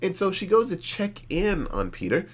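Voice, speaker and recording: A man co-hosting a podcast, recapping a horror movie in animated, profane, casual storytelling. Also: high voice, moderate pace. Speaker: podcast co-host. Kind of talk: casual movie review chat.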